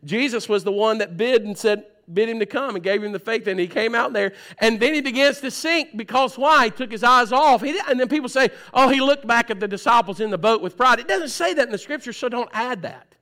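A pastor preaches fairly quickly with hardly any pauses, shifting between loud urgency and soft, low entreaty. He repeats phrases to stress his points.

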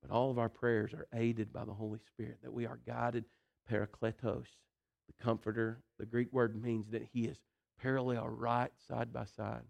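A man preaching a sermon in a folksy, animated way, swinging between loud emphasis and quiet intensity and often saying "listen" and "you know.". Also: mid-range voice, normal speed, gravelly, lo-fi sound.

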